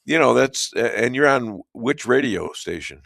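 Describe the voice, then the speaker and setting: A man from Chicago hosting an interview show, speaking haltingly with many fillers and trailing off softly. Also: mid-range voice, lively intonation, gravelly, no room sound, clean studio sound. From Chicago, USA. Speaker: show host. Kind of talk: casual interview conversation.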